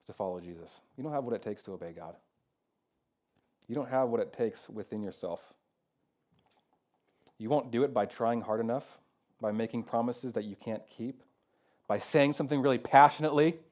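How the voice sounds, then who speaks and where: A man preaching a sermon as pastor, talking casually with lots of "like" and "kinda," moving between loud emphatic peaks and quiet, low passages. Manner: conversational preaching with fillers like "kinda" and "like".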